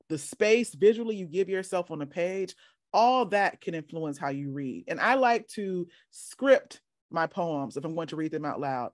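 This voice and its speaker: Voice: medium pitch, no echo, studio quality. A workshop leader teaching casually over a video call, chatty and encouraging, often asking "right?".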